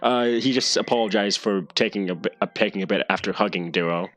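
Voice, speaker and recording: Low-voiced man running a tabletop game. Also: fast talker, a bit bright. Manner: hesitant, restarts often. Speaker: game master.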